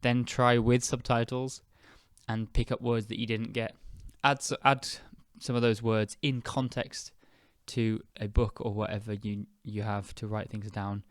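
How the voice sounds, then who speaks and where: Slow, clear British man teaching English. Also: lowish voice, little pitch movement, dry recording, clean studio sound. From United Kingdom. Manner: slow, clear, chatty with fillers. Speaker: podcast host and English teacher. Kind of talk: casual spoken lesson.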